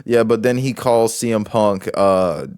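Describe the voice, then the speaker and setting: A man's voice: on the low side, unhurried, a little mellow, clear, resonant tone, dry recording, studio quality. A man giving casual commentary as a wrestling show reviewer, rambling with many restarts and fillers.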